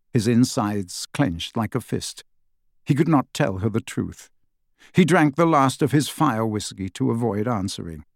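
A man narrating an audiobook with expressive storytelling on a close studio mic. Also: medium pitch, unhurried, gravelly, dry recording. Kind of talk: scripted narration.

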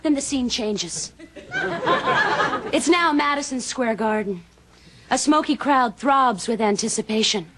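An actress playing a prim, sharp-tongued sitcom neighbor with a crisp, sarcastic delivery. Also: female voice, fairly high pitch, animated, measured pace, pauses often, very noisy. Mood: dramatic. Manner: crisp, sarcastic, dramatic storytelling. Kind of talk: sitcom acting. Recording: loud studio audience laughter.

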